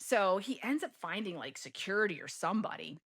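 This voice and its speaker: A woman's voice: mid-range voice, expressive, a little fast, creaky, a bit bright, husky. An American woman guesting on a podcast, telling a travel story in a chatty way, full of "like", and acting out her own past lines dramatically. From United States. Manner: chatty, peppers speech with "like".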